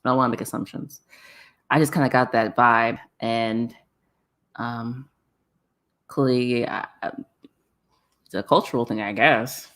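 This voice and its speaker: A woman hosting a casual livestream chat, reading viewer comments aloud. She talks in an animated way, laughs often and repeats herself for effect. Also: very deep voice, measured pace, long pauses.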